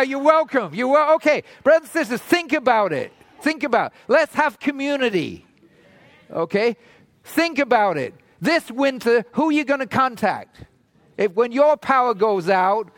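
A man's voice: very high-pitched, fairly bright tone, no room sound. A man preaching a conversational sermon to his congregation, asking rhetorical questions and adding frequent "right?" asides. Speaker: pastor. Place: church hall in Toronto.

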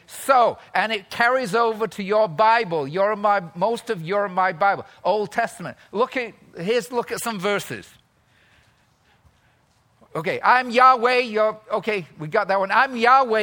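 Guy preaching slow n careful, high bright voice, keeps asking the crowd questions. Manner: deliberate, repeats key words, asks the congregation questions. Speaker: pastor. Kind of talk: sermon teaching with slides.

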